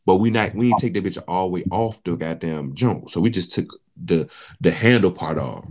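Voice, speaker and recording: A man's voice: deep voice, moderate pace, darkish tone. A man telling a long, profane story in casual chat, acting out the quotes of the people in it.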